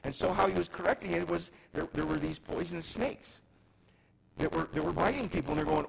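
A middle-aged man preaching a sermon as pastor, often restarting words and swinging between loud emphasis and quiet intensity. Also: fairly high pitch, a little fast, rough recording. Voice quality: gravelly.

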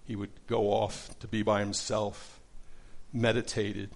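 A man's voice: fairly low pitch, flat delivery, a little slow, creaky. A middle-aged man teaching a casual Bible study lesson, conversational, with many fillers and restarts.

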